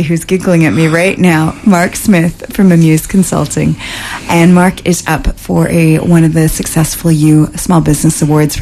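A woman's voice: lowish voice, darkish tone, slight background noise. A woman hosting a community radio show, bubbly and giggly, stretching words for emphasis. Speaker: radio host. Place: radio studio booth.

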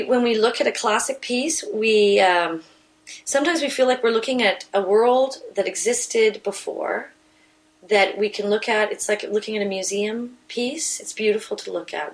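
A woman's voice: medium pitch, rough recording. A woman stage actor in a casual interview, recorded inside a house, explaining her ideas thoughtfully with frequent restarts.

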